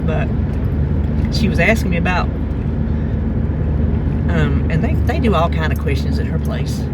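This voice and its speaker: A woman's voice: low voice, very noisy. A middle-aged woman, telling a rambling story in a casual vlog. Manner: chatty, rambling, animated retelling. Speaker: vlogger. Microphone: phone.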